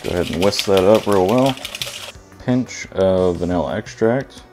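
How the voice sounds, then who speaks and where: A man's voice: deep voice, a little slow, a little mellow, soft background music. A man hosting a casual home cooking video, joking and irreverent as he walks through a recipe in his kitchen.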